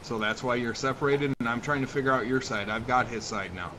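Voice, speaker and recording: A man's voice: medium pitch, fairly quick, noisy background, natural voice. A man playing a firm, procedural police officer who questions a suspect and issues warnings in a game role-play. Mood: stern. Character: stern male police officer.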